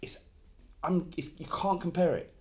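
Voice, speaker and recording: A man's voice: high voice, a little slow, warm tone. A man co-hosting a football podcast, ranting heatedly in casual chat and swearing freely. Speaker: podcast co-host.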